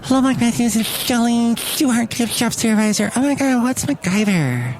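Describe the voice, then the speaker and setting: Chirpy, high-voiced gift-shop lady played by a man in falsetto. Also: animated, moderate pace.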